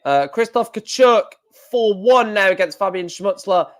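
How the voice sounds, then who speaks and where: An excitable man commentating live on a stream, shouting and repeating himself at big moments. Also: high-pitched, unhurried.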